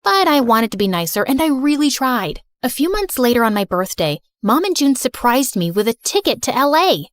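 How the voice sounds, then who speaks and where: A young woman voice actress narrating an animated story in first person, sarcastic and chatty. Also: sits high, moderate pace, few pauses, dry recording, clean studio sound.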